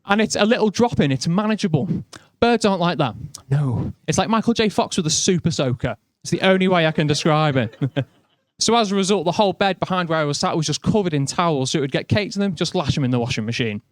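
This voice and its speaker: Young scouse guy doing standup, talks loose and self-deprecating, pretty high voice. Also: animated, brisk, dry recording, clean studio sound. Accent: Liverpool. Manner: chatty, self-mocking, lots of "like" and "but no". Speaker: stand-up comedian. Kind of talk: stand-up comedy set.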